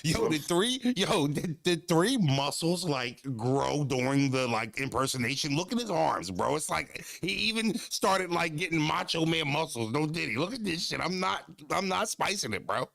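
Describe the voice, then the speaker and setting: A man's voice: fairly high pitch, lively intonation, normal speed, creaky, hardly any pauses, a bit bright, no echo, clean studio sound. A man, chatting casually as a streamer reacting to clips, laid-back and freely swearing.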